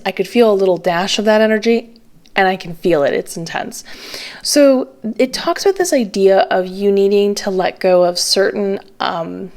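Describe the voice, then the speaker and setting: Chatty woman tarot reader. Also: darkish tone. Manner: chatty, many fillers, pitch jumps up when stressing words. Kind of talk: casual to-camera card reading.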